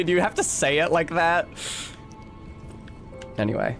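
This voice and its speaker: A young man doing let's-play commentary with a rambling, sarcastic delivery. His voice sits a little high for a man, with faint music behind. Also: normal speed, pauses often, fairly bright tone. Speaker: streamer.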